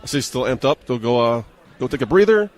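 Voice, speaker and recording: A man's voice: medium pitch, lively intonation, fast talker, darkish tone. A man hosting a wrestling podcast, casually interviewing wrestlers and wrapping up the night with jokes. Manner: casual, joking. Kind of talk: event wrap-up interview.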